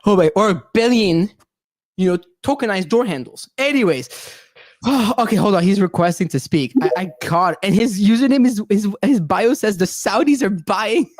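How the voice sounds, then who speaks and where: A woman's voice: mid-range voice, lively intonation, moderate pace, a little mellow, dry recording. A woman from Canada hosting a live online talk show in a slangy, giggly way, swearing freely. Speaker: host.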